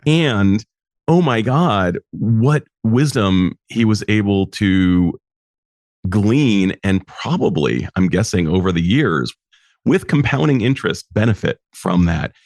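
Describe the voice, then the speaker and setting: A male podcast host responds to his guest with reflective, enthusiastic comments. His voice sits very low. The recording is close and dry. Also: animated, slow pace, a little mellow, dry recording. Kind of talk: interview conversation.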